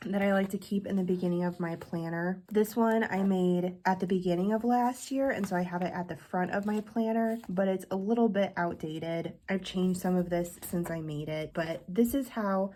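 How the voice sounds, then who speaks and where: A young woman chats brightly and enthusiastically to her viewers. Her voice is stuffy and congested, and she sometimes runs short of breath. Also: lowish voice, normal speed, hardly any pauses. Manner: bubbly, chatty, enthusiastic. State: congested from illness. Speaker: planner vlogger. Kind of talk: casual talk to camera.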